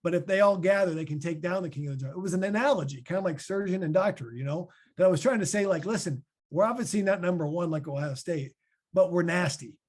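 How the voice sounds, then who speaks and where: A man in his thirties with a Midwestern American accent, answering podcast questions as a former linebacker in a chatty, animated way. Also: sits high, fast, few pauses. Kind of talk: casual podcast Q&A.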